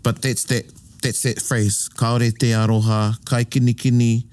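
Mellow-voiced man explaining Māori phrases. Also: mid-range voice, little pitch movement, unhurried, smooth, no room sound. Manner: patient, explains phrases with examples. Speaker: te reo Māori expert. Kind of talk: casual language chat.

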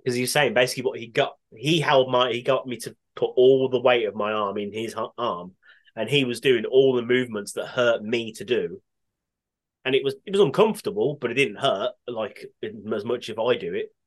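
A man's voice: medium pitch, moderate pace, rough recording. A man co-hosting a podcast, chatting casually with dry, sweary self-mockery. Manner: dry, sweary, self-mocking about his injury. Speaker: podcast co-host. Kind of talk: casual chat.

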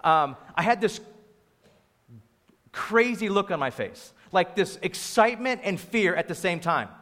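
High-voiced pastor with a sore throat, echoing hall. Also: male voice, a little slow. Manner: storytelling, lively and informal. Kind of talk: conversational sermon. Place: church venue. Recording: long hall reverb.

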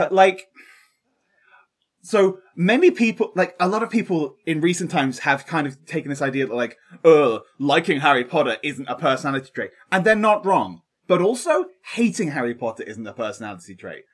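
A man from Canada chatting casually as a podcast guest, animated and halting, often restarting his sentences. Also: on the high side, breathy edge. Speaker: guest co-host.

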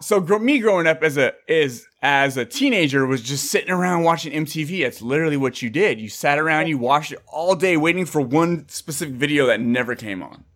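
A man in his thirties hosting a casual podcast, excitable and jokey, swearing casually as he chats with guests. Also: a little high, fairly quick, hardly any pauses. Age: 30s. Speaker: podcast host.

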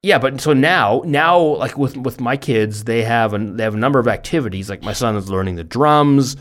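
A man's voice: mid-range voice, lively intonation, moderate pace. A middle-aged man hosting a podcast in casual chat, rambling and self-deprecating, often stumbling over his words. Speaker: podcast host.

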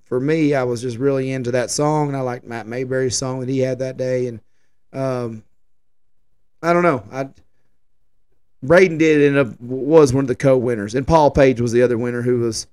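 A smooth-voiced man, chatting casually as a podcast host. His pitch sits in an ordinary middle range. He wanders through a story with lots of "you know" and "uh" along the way. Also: fairly even intonation, normal speed, darkish tone. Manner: rambling, folksy, many fillers and restarts. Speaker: podcast host and festival organizer.

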